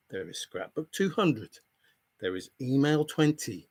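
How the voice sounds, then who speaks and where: A man's voice: medium pitch, very animated, unhurried. A man on a live stream, talking to viewers in an exasperated, repetitive, lecturing way. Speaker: treasure hunt commentator. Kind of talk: heated live stream rant.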